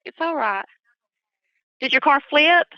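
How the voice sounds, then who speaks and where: A woman working as an emergency dispatcher, calmly reassuring a hurt caller and asking questions on a phone line. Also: high-pitched, a little slow, no echo. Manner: calm, reassuring. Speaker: 911 dispatcher. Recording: dry muffled phone call recording.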